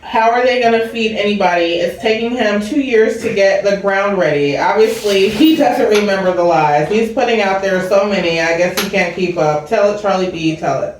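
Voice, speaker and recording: A woman's voice: medium pitch, moderate pace, hardly any pauses, a little hiss or hum. A woman co-hosting, reading viewer comments and a passage aloud, with a giggly manner. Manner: giggly, reads aloud steadily. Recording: very echoey room, distant mic.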